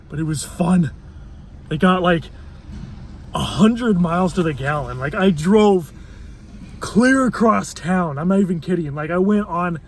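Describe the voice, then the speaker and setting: A man's voice: high voice, slight background noise. A man vlogging from his car in a waiting line, grumbling and swearing in irritated rants. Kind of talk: ranting car vlog.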